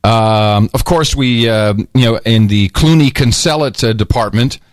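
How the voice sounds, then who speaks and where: A man's voice: mid-range voice, a little slow, no echo. Guy co-hosting a podcast, rambly, lots of uhs and little laughs, dry close sound. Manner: rambling, lots of fillers and chuckles. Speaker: podcast co-host. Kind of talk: casual chat.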